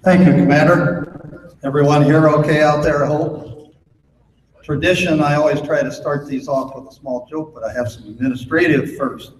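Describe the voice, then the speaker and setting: A man from Minnesota addresses a convention from a podium microphone, and his voice rings through a large hall with a long reverb tail. He tells a folksy joke and then reads off thanks and figures in a plain, unhurried way, with frequent "uh" fillers. Faint background noise sits under the room. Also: on the high side, steady tone. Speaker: Boy Scout chairman. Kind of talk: convention speech with jokes.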